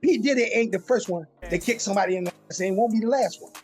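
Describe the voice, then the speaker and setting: A woman's voice: medium pitch, fast, a little mellow, soft background music. A woman giving blunt, outspoken opinions in casual talk on a podcast panel. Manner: blunt, outspoken, informal speech.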